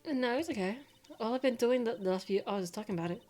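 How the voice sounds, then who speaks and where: A woman voicing a subdued young spirit medium in a video game, speaking softly and hesitantly. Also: a little high, fast, natural voice. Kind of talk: reading game dialogue aloud.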